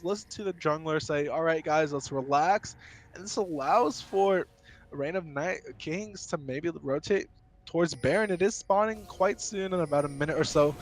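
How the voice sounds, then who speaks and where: A man's voice: sits high, slight background noise. A man doing play-by-play commentary on an esports match, speeding up when fights break out. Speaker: esports caster.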